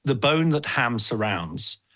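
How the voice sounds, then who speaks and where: Man, bright voice, playful banter, podcast co-host. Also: medium pitch, very animated, slow pace. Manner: playful, jokey, breaks into laughter. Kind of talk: casual comedic chat.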